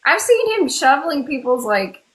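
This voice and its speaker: A woman with a Southern US accent hosting a casual live-stream cosplay panel, chatty and rambling with quick asides. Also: high-pitched, big pitch swings, a bit bright, low-quality recording.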